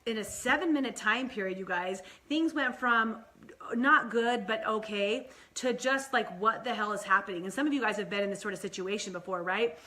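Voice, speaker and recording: A young mom hosts a vlog, chatting casually to the camera and sprinkling in lots of "like" and "right?" while her pace shifts between fast and slow. Her voice sits at medium pitch and sounds pushed and bright.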